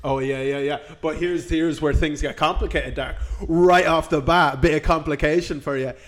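A man's voice: on the high side, steady tone, normal speed. An Irish man co-hosting a podcast, riffing in casual comic chat with profane, rambling talk. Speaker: podcast co-host.

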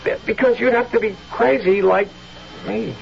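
An actor playing a nervous, stammering young colonial soldier in a 1970s radio drama, from a dull old broadcast recording. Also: male voice, high-pitched, moderate pace, gravelly, a little hiss or hum. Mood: pleading.

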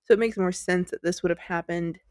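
A woman's voice: on the low side, fairly even intonation, a little fast, darkish tone, dry recording. A woman hosting a podcast, telling a story in a chatty, giggly, self-deprecating way into a close mic. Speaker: podcast host.

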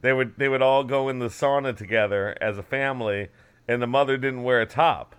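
A man's voice: mid-range voice, fairly quick, fairly bright tone, clean tone. A man co-hosting a comedy podcast about monsters, teasing his co-host and telling stories in casual banter. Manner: teasing, storytelling, laughs easily.

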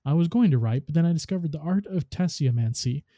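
A man's voice: fairly high pitch, animated, quick pace, dark tone, no room sound, clean studio sound, pitched above the performer's own voice. A man voicing a studious female alien researcher who talks in an absorbed, earnest way.

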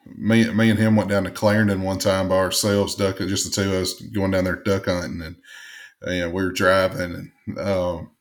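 A man in casual chat, halting and repeating words as he tells stories. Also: sits low, level tone. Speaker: podcast panelist.

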